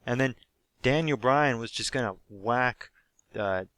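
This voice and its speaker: A young man with a sore, hoarse throat, recapping a live wrestling show he went to in an animated, swear-heavy way. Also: medium pitch, unhurried, no room sound. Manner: animated storytelling, swears freely, acts out quotes. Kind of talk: casual excited recap.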